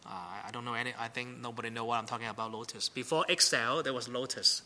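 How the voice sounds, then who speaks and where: A man's voice: medium pitch, quick pace, pushed and bright. A middle-aged man preaching a sermon as pastor, chatty and often checking in with the congregation. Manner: conversational, asks the congregation "right?".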